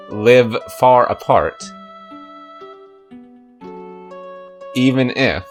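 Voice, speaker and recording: Man doing showy male robot star, slow theatrical drawl, mock-tragic. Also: on the low side. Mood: melodramatic. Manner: theatrical, drawn-out stage delivery. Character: flamboyant dramatic male killer robot star.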